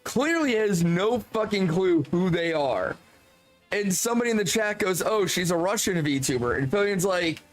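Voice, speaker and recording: High-voiced man ranting on stream. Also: animated, moderate pace, soft background music, poor audio. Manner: exasperated, profane ranting with many "like" fillers. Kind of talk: casual stream commentary.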